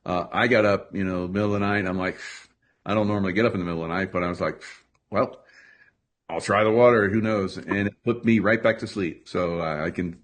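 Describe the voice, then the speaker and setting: A man's voice: low voice, steady tone, a little fast. A man hosting a casual group video call, talking loosely with many fillers and restarts.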